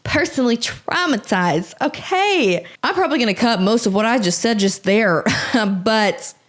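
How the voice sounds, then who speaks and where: A young American woman hosting a podcast, reading posts aloud and reacting in an animated, exaggerated, swearing rant. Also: a little high, moderate pace. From United States. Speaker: podcast host.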